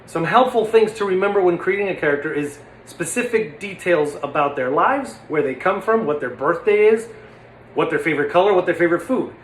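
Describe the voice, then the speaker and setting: A man's voice: sits high, expressive, fairly quick. Playful young man teaching puppetry. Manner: playful, demonstrative, slips into silly voices. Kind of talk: casual instructional talk. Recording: echoey room with faint noise.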